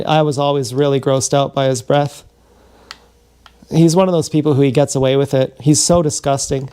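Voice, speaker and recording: A man livestreams a long, wandering personal story. His voice is mellow and low in brightness, with a steady gravelly fry. He swears freely and keeps backing up to restart his sentences. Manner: meandering, profane, frequent restarts. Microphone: streaming from a body camera.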